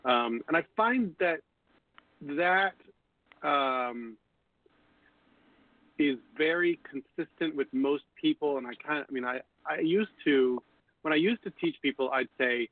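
A man's voice: a little high, measured pace, long pauses, no room sound. A man who teaches pendulum use, explaining thoughtfully in casual conversation. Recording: phone-like dry audio.

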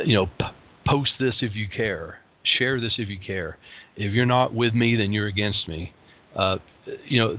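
A man in his late fifties, his voice lowish, gives a rambling, casual talk about meditation and suffering, full of fillers and dry humor. The lo-fi recording sounds tinny and phone-like, with a little hiss or hum.

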